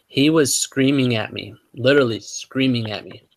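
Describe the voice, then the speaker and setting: A man's voice: medium pitch, fairly even intonation, measured pace. A man hosting a casual online hangout, rambling and swearing a lot, full of fillers, sometimes stumbling over his words. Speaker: motovlog host.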